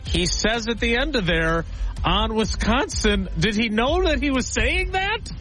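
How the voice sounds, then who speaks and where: A man's voice: very high voice, big pitch swings, normal speed, fairly bright tone, soft background music, rough recording. A man hosting a sports radio show, chatting earnestly and reading live ads.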